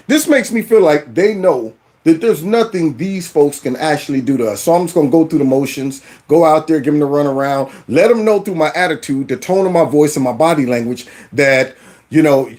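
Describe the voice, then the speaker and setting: A man's voice: on the high side, lively intonation, moderate pace, darkish tone. A man hosting political commentary, reacting in an exasperated, incredulous, colloquial way.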